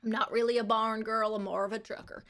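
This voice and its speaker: A woman's voice: fairly high pitch, flat delivery, quick pace, fairly bright tone, a little hiss or hum. A woman playing a brash, crude Texan woman trucker back from space, drawling and calling everyone baby, for a live stream. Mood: cheeky. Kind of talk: live-stream character bit.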